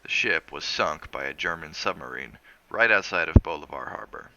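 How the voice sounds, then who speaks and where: A man reading a novel aloud in steady, measured narration. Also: very deep voice, background noise. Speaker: reader of a novel on a stream.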